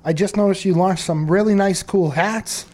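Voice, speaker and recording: Boston guy hosting a radio show, kinda high voice, chill and slangy. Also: normal speed, a little mellow. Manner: laid-back, street slang. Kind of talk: casual radio interview.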